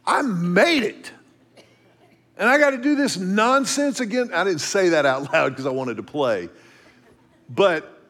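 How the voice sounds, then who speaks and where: A middle-aged man from Texas telling a story in a devotional talk, dropping to a hush for asides. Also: high-pitched. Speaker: speaker.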